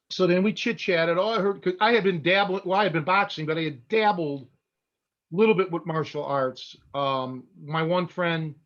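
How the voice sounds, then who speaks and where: Animated man telling a podcast story. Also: on the high side, highs cut off. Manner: animated storyteller with many restarts and blunt asides. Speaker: catch wrestling coach and podcast host.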